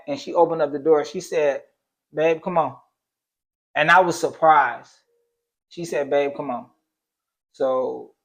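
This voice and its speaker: A man's voice: a little high, a bit bright, rough recording. A young adult man co-hosting a casual talk, recounting a personal story earnestly with many fillers and talk of faith. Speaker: co-host.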